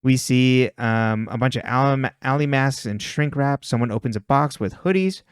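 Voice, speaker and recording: A man talks through a story recap in a relaxed, conversational way. His voice is smooth and clear, and his tone is wry. The room sounds dry and close. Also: mid-range voice, normal speed, no echo. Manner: recaps plot in a plain, wry tone and laughs often. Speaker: podcast co-host recapping episodes. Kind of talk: casual chat, reading a plot recap.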